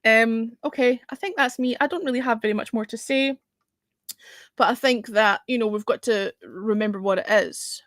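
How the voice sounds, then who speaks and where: A woman hosting a music review livestream, talking in a rambling, casual way and dropping the odd swear word. Her voice sits a little on the high side for a woman. The sound is dry and close, with no room echo. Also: normal speed, fairly bright tone. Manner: chatty, rambling, peppered with "you know" and the odd swear word.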